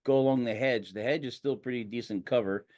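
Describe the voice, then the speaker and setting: A man's voice: medium pitch, fairly quick, a little mellow, no room sound, clean studio sound. A man running a tabletop game as game master, rambling and hesitant, with many fillers and restarts.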